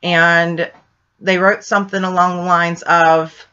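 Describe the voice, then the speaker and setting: A low-pitched woman with a bright, forceful voice, talking as a ghost hunter in a casual vlog. She rambles excitedly and fills her talk with fillers. The recording is dull and lo-fi. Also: slow pace, smooth. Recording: dull lo-fi sound.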